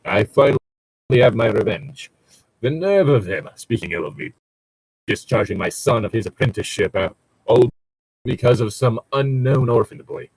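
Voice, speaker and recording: A man's voice: mid-range voice, expressive, normal speed, gravelly, darkish tone, husky, no room sound, poor audio. A man voicing a vengeful older man in a mock Swedish accent, ranting bitterly while reading a story aloud. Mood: raging. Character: vengeful older man raging about an enemy.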